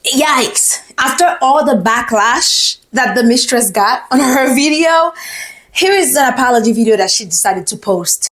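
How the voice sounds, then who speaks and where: A woman's voice: sits high, animated, unhurried, a bit bright. A young woman hosting a reaction video, indignant and repeating phrases for emphasis. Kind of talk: animated reaction commentary.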